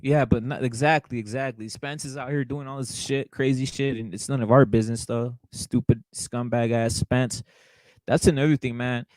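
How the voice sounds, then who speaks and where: A man's voice: mid-range voice, fairly even intonation, normal speed, darkish tone, no room sound, low-quality recording. A man hosting a boxing show, ranting casually with a lot of swearing and repetition. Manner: profane, heated, repetitive, keeps saying "brother". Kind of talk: casual livestream rant.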